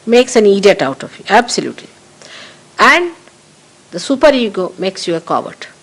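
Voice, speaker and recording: A woman's voice: medium pitch, very animated, moderate pace, low-quality recording. A woman giving a spiritual talk to followers, emphatic and repeating her key phrases, in an archival recording. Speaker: spiritual teacher.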